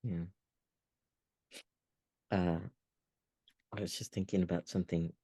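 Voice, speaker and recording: A man co-hosting a podcast, musing aloud in a relaxed, reflective conversation with restarts. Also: deep voice, takes it slowly, slightly rough, no echo. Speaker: podcast co-host.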